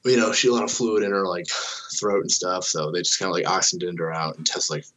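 With a low, fairly bright voice and fairly even intonation, a young man talks quickly through a long, casual story. Profanity and "like" fillers run throughout as he acts out what others said.

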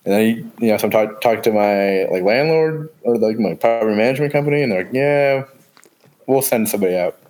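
A man with a somewhat low voice in loose, casual chat. He rambles with plenty of fillers and swears freely. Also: fast talker, hardly any pauses, a little mellow.

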